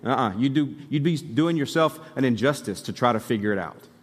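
A pastor from Alabama preaches a sermon in a conversational yet emphatic style, adding asides to the congregation. His medium-pitched voice is animated, husky and a little fast. A long hall reverb from the church sanctuary fills the recording.

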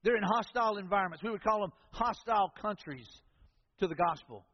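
A pastor with a notably high voice delivers a folksy, conversational sermon to his congregation. His words ring with long reverb through a large church hall. The recording itself sounds dull and lo-fi. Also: expressive, brisk, a little hiss or hum. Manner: folksy, conversational preaching with storytelling asides.

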